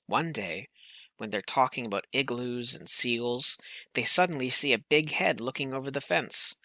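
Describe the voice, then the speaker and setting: A man reading a children's picture book aloud in a gentle storytelling manner. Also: mid-range voice, normal speed, no room sound. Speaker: reader.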